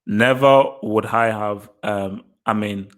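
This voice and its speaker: A man hosting a live football reaction stream, excitable, laughing often and repeating his words. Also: lowish voice, slow. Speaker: football channel host.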